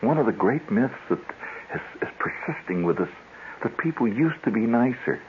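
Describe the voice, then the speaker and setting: A man's voice: medium pitch, lively intonation, moderate pace, slight background noise. A man hosting a radio show, telling wry, rambling stories and often interrupting himself, heard on a dull lo-fi 1970s radio broadcast. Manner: wry, storytelling, self-interrupting. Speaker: radio host. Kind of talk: rambling monologue.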